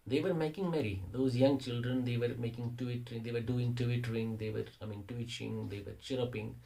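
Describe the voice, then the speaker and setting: A man teaching a poetry lesson, explaining line by line. He keeps rephrasing and repeating phrases while he hunts for the right word. His voice sits at an ordinary middle pitch. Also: fairly even intonation, brisk, creaky, mellow, poor audio. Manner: explains by restating lines in English and Hindi. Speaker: English teacher.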